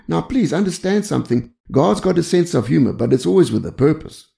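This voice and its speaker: Gravelly older man preaching with humor. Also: fairly high pitch, lively intonation, fairly quick, mellow. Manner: humorous, anecdotal, conversational; frequent "you see" asides. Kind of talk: storytelling sermon.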